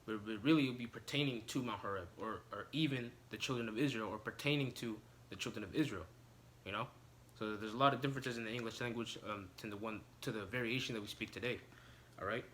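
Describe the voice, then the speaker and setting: A man teaching scripture in an informal sermon, halting with many fillers and restarts and slowing down to read verses aloud. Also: medium pitch, fairly bright tone, slight background noise. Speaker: preacher.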